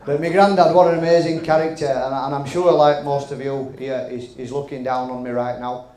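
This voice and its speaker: A man's voice: mid-range voice, little pitch movement, fairly quick, warm tone, slight background noise. A man doing after-dinner stand-up as MC, chatty and cheeky, with frequent "right?" asides and some swearing. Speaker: comedian and MC. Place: hotel function room at a dinner. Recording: echoey function room.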